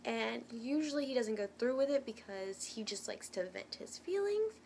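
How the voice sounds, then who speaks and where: A woman's voice: on the high side, moderate pace, vocal fry, a little hiss or hum. Chatty young woman telling a story. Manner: chatty and animated, many fillers and restarts. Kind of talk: casual storytime rant.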